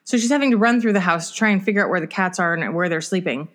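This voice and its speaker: Racing along in a lowish voice, this middle-aged podcast co-host spins a story during relaxed chat, performing each line of quoted dialogue with lively flair.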